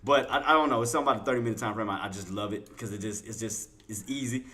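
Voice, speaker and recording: A man's voice: fairly low pitch, racing, sharp tone. A man hosting a live trading stream, talking to his chat in a casual, colloquial way, repeating himself and quizzing viewers. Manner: casual colloquial speech, talks to chat as y'all. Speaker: trading livestream host. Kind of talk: live intraday trading commentary.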